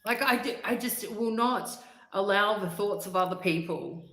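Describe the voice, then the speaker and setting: A woman's voice: medium pitch, moderate pace, fairly bright tone, reverberant. A woman hosting a casual livestream, chatting upbeat with viewers, laughing often and humming bits of songs. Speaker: livestream host. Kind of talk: casual livestream chat reading comments.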